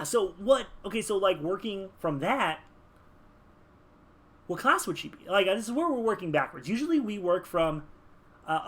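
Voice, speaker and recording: A man chatting casually while building a game character, rambling with lots of fillers. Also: high-pitched. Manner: rambling, filler-heavy, animated. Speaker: gaming video creator.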